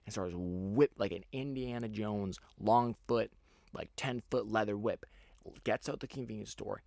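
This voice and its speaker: A man's voice: on the low side, measured pace, vocal fry, a little mellow, no room sound, clean studio sound. A young man hosting a podcast, telling a rambling story in casual chat, full of fillers and restarts. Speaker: podcast host.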